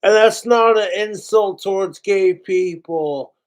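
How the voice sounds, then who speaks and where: Heated, profane man ranting slowly. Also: high-pitched. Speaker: podcast host. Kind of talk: casual ranting commentary.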